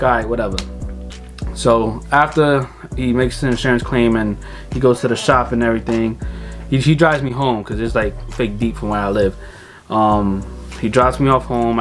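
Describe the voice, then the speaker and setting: Animated young man telling a story. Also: medium pitch. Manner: animated, swears freely, acts out other people's lines. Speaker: car vlogger. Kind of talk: casual storytelling.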